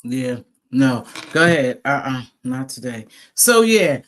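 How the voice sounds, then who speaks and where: A woman's voice: extremely low pitch, sing-song, measured pace. A woman hosting a casual live chat stream, speaking bluntly and profanely, laughing often and greeting viewers as she talks. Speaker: livestream host.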